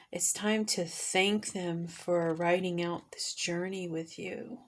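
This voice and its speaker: Slow, low-voiced woman reading tarot. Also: fairly even intonation. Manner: gushing, drifts into soft whispers. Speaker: tarot reader.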